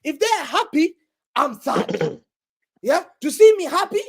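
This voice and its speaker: A man with an unusually high, bright-toned voice talks football on a live stream, gleeful and mocking as he rips into a rival club. He drops street slang, laughs at his own jokes, and talks over a desk microphone on a video call. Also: very animated, unhurried. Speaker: guest pundit.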